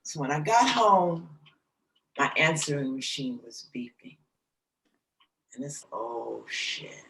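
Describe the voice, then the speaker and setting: A middle-aged woman, a jazz singer as guest, slowly and emotionally telling a personal story in an interview. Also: deep voice, expressive, roomy sound, recorded from a distance, poor audio. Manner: slow, soft, emotional recounting. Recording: voice slightly off-mic, faint background noise.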